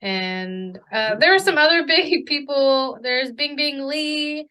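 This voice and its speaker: A woman co-hosts a casual podcast in a bright, slightly high voice. She talks at an unhurried pace, playful and easily flustered when teased. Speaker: podcast co-host. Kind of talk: casual chat.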